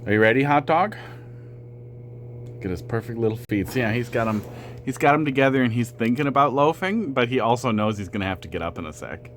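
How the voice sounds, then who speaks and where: A man's voice: mid-range voice, expressive, fast talker, a bit bright, a little hiss or hum. A man streaming a game, casually chatting with viewers and talking fondly to his cats. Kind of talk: casual live-stream chat.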